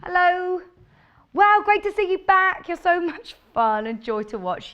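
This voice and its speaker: A woman's voice: on the high side, very animated, slow pace, a bit bright, clear, resonant tone, highs cut off. A woman presenting fabrics live on a shopping channel, chatty and gushing as she reads out viewer messages. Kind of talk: live on-air product presentation.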